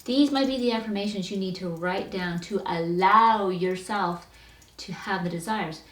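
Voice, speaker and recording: A woman giving a spiritual self-help talk in a lively, animated way, often acting out quoted voices. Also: medium pitch, moderate pace. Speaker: spiritual coach. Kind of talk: motivational talk. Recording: roomy echo, distant from the mic.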